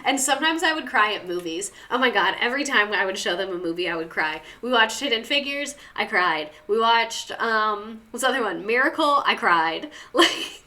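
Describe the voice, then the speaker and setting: A woman's voice: fairly high pitch, animated, moderate pace, hardly any pauses, sharp tone. A young woman hosting a casual livestream, chatty and rambling as she reads viewer stories and talks back to the chat. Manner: chatty, rambling, lots of "like" and laughs.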